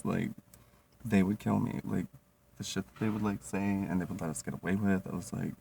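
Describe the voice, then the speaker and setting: A man's voice: deep voice, brisk, creaky, dark tone, slightly rough. A young man telling comedic stories casually, rambling with constant fillers, swearing and laughing. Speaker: vlogger. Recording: distant mic, faint noise.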